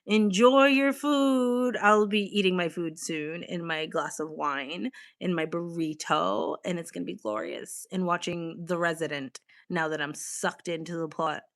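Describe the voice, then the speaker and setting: Chatty girl livestreaming, reads chat out loud, laughs, swears here and there. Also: lowish voice, measured pace, few pauses. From Boston, USA. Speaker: livestream host. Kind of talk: casual livestream chat with viewers.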